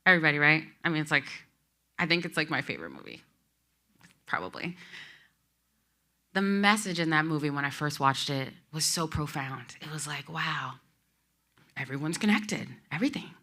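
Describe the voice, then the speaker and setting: A woman tells a personal story to an audience in an inspirational talk. Her voice sits somewhat low but comes out bright and forceful. She speaks with open emotion and turns to the listeners directly. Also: animated, normal speed, pauses often. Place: expo talk before an audience.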